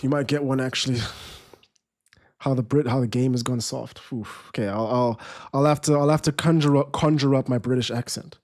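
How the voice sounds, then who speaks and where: A young man hosting a live football watchalong, reading viewer chat aloud and giving casual commentary in a relaxed, rambling way. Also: mid-range voice, brisk. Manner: relaxed, rambling, restarts sentences.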